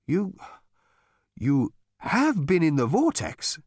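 A man voicing a male alien disembodied mind, a timid guardian who speaks in a stammering, halting, awestruck way. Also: mid-range voice, big pitch swings, a little mellow, no echo, clean studio sound, close to an everyday voice. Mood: astonished.

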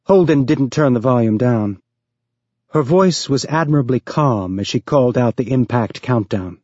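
A man reading an audiobook aloud as narrator, raising his pitch to voice characters. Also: lively intonation, normal speed, mellow, dry recording, dull audio.

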